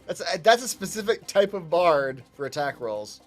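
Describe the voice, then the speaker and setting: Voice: mid-range voice, sing-song, normal speed, music in the background. A player in a tabletop game who chats about the rules and laughs often. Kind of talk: casual game chat.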